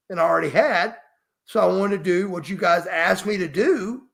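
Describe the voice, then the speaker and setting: A man's voice: sits high, lively intonation, moderate pace, gravelly, fairly bright tone. A middle-aged man, emphatic and profane, telling a story as a podcast guest. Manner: emphatic, profane, refers to himself by name. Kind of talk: storytelling interview.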